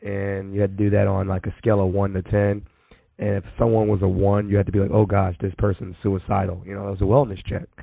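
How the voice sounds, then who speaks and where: A man's voice: fairly low pitch, little pitch movement, fast talker, vocal fry, no room sound. A man hosting a casual podcast chat, easygoing, stumbling over words and laughing at himself. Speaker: podcast host. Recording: phone-like narrow sound.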